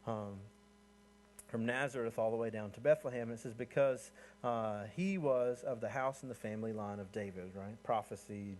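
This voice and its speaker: A man's voice: a little mellow, slight background noise. A man preaching a sermon in a conversational, storytelling way, often asking the listeners to imagine the scene. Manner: conversational, rising in pitch and energy as he builds points. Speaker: pastor.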